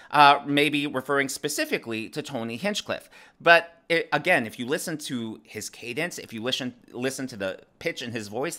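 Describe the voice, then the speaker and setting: A man hosting his own political commentary channel, talking emphatically and breaking his points down step by step. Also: fairly high pitch. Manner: animated, emphatic, explains step by step. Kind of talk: opinionated commentary.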